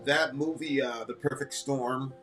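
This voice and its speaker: A man's voice: mid-range voice, steady tone, a little slow, a bit bright, faint music behind. A man co-hosting a reaction video, chatting casually and rambling with lots of fillers. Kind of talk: casual chat, reading lyrics aloud.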